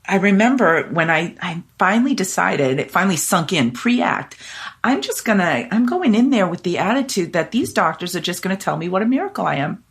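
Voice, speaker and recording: A woman guest in a casual conversation, telling a personal story in an animated way and quoting others in lively voices. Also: fairly low pitch, brisk.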